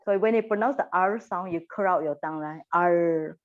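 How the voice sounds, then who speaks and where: A woman's voice: mid-range voice, fast talker, narrow, tinny audio. A woman teacher, leading a classroom pronunciation lesson and patiently repeating sounds for her class to echo.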